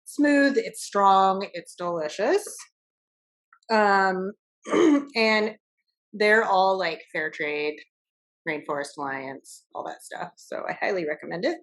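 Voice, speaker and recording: A woman's voice: mid-range voice, animated, takes it slowly. A young woman co-hosting a podcast in casual chat, chatty with frequent laughs and fillers. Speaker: podcast co-host.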